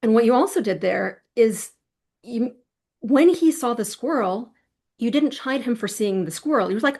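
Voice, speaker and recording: Calm woman podcast host, higher voice. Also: normal speed, creaky. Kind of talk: conversational podcast interview.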